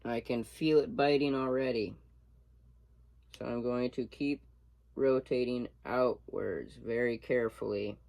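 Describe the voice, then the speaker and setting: In a workshop, a young male student gives a casual hands-on demonstration, explaining each step while he works. He has a mid-range, darkish voice with vocal fry, speaking unhurriedly in a steady tone. The camera-mic recording has no echo.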